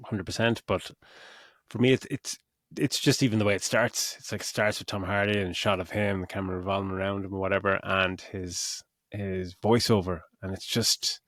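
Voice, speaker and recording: A man's voice: sits low, fairly even intonation, normal speed, a bit bright, dry recording, studio quality. A middle-aged man co-hosting a podcast, rambling through a casual film review, swearing freely and acting out his own reactions. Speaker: podcast co-host.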